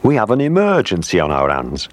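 A man voicing an anxious, hurried royal messenger in a storybook reading. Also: sits low, huge pitch swings, voice pushed up. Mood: urgent. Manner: urgent, hurried.

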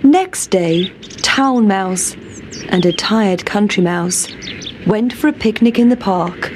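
A woman narrating a children's fable in a clear, measured way and putting on squeaky mouse voices. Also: heavy background noise. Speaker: storybook narrator. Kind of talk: scripted children's story reading.

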